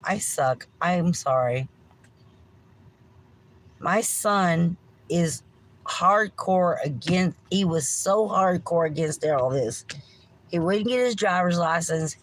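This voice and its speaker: A woman's voice: fairly low pitch, lively intonation, slow pace, long pauses, poor audio. A middle-aged woman, hosting a livestream with a meandering rant, swearing freely and apologizing often. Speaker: livestream host.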